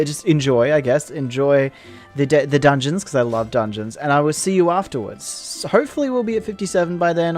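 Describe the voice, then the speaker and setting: Rambling, excitable gaming host, a man. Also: medium pitch. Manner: rambling, enthusiastic, many restarts. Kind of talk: casual let's-play commentary.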